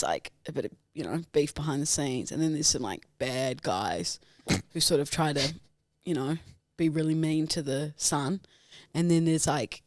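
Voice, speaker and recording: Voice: medium pitch, dry recording, studio quality. A podcast co-host rambling through a story in casual chat, leaning on lots of filler words.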